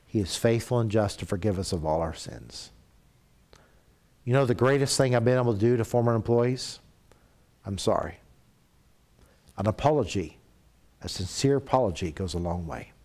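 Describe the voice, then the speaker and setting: In church, a middle-aged preacher delivers a sermon full of stories, performing the voices he quotes. His pitch sits in the medium range, and at times he lowers himself to a gentle, confessional tone.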